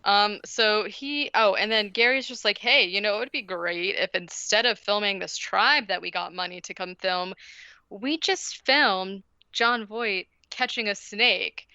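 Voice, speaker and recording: A woman's voice: mid-range voice, a little slow, sharp tone, smooth, dry recording, dull audio. A woman co-hosting a podcast, casually recapping a movie in a rambling way, full of fillers and giggles. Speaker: podcast co-host.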